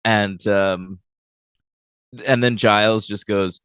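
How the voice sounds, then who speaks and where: A man co-hosting a podcast in relaxed casual chat, explaining things and laughing often. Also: fairly low pitch, normal speed, smooth, no room sound, clean studio sound. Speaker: podcast co-host.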